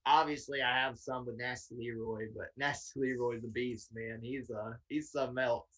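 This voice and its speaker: Man, casual storyteller, husky, from Tennessee, animated, medium pitch. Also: normal speed, low-quality recording. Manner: animated anecdote telling with laughs and swearing. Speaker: guest wrestler.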